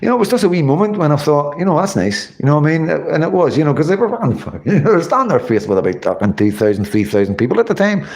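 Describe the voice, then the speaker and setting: A man's voice: on the high side, very animated, fast, few pauses, a little mellow. A middle-aged man with a Northern Irish accent, rambling and swearing on a casual livestream while reading viewer comments. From Northern Ireland. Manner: rambling, swears often, many fillers.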